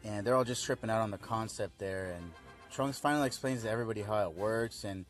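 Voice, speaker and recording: A man's voice: fairly low pitch, fast, soft background music. A young man casually recapping a cartoon episode, rambling and laid-back, full of fillers. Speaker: fan video reviewer.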